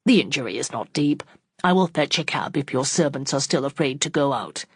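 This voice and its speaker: A woman voicing a calm, practical male doctor in an audiobook, speaking in a measured, reassuring way. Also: very deep voice, slightly rough, dry recording, studio quality, full character voice.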